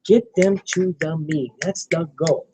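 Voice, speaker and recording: A man training a small group in network marketing, animated and coaching, often acting out sales dialogue. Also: fairly high pitch, normal speed, breathy edge, low-quality recording.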